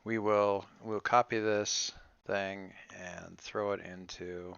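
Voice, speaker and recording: A man's voice: fairly low pitch, animated, unhurried, creaky, fairly bright tone, dry recording, highs cut off. A man running a tabletop game online, chatting casually and joking offhand before play begins. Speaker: game master. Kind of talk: casual pre-game chat.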